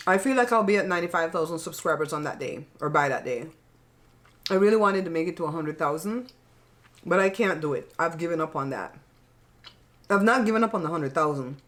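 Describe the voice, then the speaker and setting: A woman's voice: on the low side, lively intonation, brisk, fairly bright tone. A middle-aged woman hosting her own channel, chatting casually while she eats. She talks bluntly and frankly, swears lightly and laughs often. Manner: blunt and frank, plain-spoken with mild cursing. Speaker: channel host. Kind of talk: casual chat while eating.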